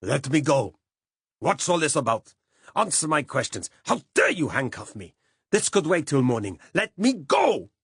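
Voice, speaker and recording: A man voicing a furious arrested man shouting. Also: a little high, very animated, a little slow, husky, no room sound, clean studio sound, pitched above the performer's own voice, heavily acted. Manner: shouting, indignant.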